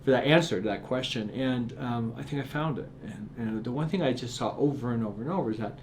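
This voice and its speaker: A man's voice: medium pitch, quick pace, a little mellow. Middle-aged male author, earnest storytelling guest, stumbles into sentences, faint background hiss. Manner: earnest, repeats words when starting sentences. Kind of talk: reflective storytelling interview.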